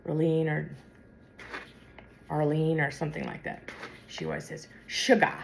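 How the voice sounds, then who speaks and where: In an echoey home kitchen with dishes clattering, a woman from the Midwestern or Western US chats in a General American accent for a casual cooking vlog, rambling and thinking aloud as she cooks. Her low voice is very animated, with vocal fry and a slightly mellow tone, at normal speed over a faint hiss or hum.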